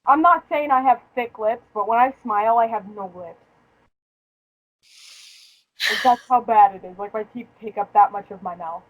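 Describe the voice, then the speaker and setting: In a casual chat, a young female podcast host with a slightly high voice tells her story profanely and jokingly, often bursting into laughter. She talks at a moderate pace with long pauses, and the recording is rough.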